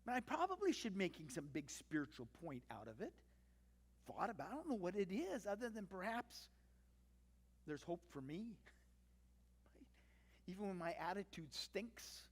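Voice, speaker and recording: A pastor preaches in a relaxed, conversational way, with wry asides and lively acted-out quotes. The voice sits at a middle pitch. A long reverb hangs on every phrase, as in a large church sanctuary. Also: moderate pace, long pauses. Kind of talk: sermon.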